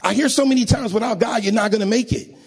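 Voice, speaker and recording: A man preaching a sermon in a church, emotional and rising to sing-song shouts, often asking the congregation to agree. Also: high voice, fast talker, gravelly, slightly rough. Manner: call-and-response, asks audience to agree.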